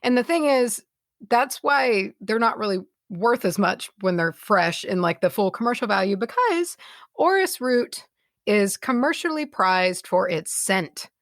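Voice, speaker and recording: A woman's voice: mid-range voice, animated, unhurried, no echo, studio quality. A woman co-hosting a podcast in casual chat, rambling and giggly, often correcting herself mid-sentence. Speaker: podcast co-host.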